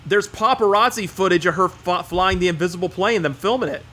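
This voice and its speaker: Man, podcast host, excitable banter, swears a lot, bright tone. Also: high voice, a little fast. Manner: excitable, swearing, mimics voices. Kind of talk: casual podcast chat.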